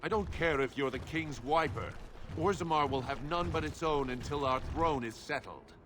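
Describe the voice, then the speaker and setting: An actor playing a proud, curt dwarf gate guard who speaks gravely in a video game. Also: male voice, on the high side, normal speed, a bit bright, a little hiss or hum, lightly acted. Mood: stern.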